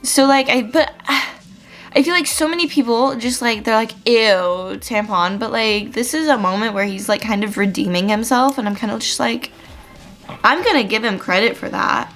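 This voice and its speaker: A woman's voice: on the high side, normal speed, fairly bright tone, faint music behind. A young woman chatting casually in a reading vlog, gushing about a book with lots of fillers, tearful at times. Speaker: book vlogger.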